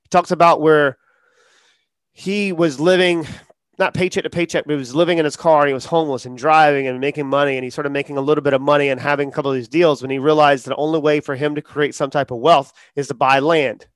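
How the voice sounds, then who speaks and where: A man talking casually as a podcast guest, acting out quotes in lively storytelling. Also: fairly high pitch, quick pace, dry recording, studio quality. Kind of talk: casual interview talk.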